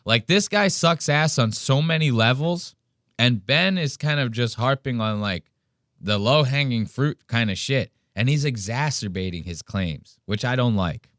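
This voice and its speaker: A man's voice: medium pitch, lively intonation, measured pace, fairly bright tone, no echo, studio quality. A man hosting a podcast, ranting and mocking a clip in profane casual commentary. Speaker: podcast host reacting to a clip.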